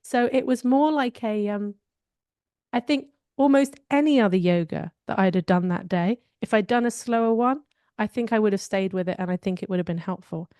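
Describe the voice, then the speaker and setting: A woman's voice: mid-range voice, moderate pace, dark tone, smooth, no echo, clean studio sound. A woman co-hosting a podcast, telling personal stories in a candid, reflective way during a casual chat. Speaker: podcast co-host.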